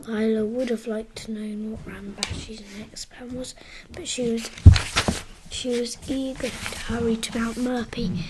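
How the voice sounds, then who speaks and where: Slow whispering woman reading a story. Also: a little high, flat delivery, background noise. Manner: soft, unhurried unvoiced whisper.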